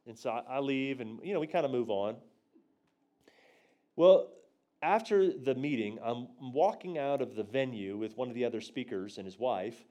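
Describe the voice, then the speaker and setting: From the pulpit, a man teaches a church group about prophecy through a story, performing his own quoted lines with big leaps in pitch and volume. He goes soft for the tender parts and gets loud for the punchlines, an animated storytelling sermon.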